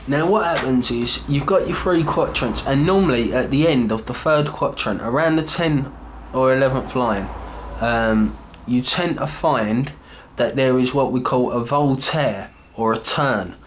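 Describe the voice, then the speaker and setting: A man's voice: medium pitch, unhurried, a little hiss or hum. A man giving a casual, chatty lesson in a homemade video, self-deprecating and loose, with plenty of fillers and restarts. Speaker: video tutor. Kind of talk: casual instructional vlog.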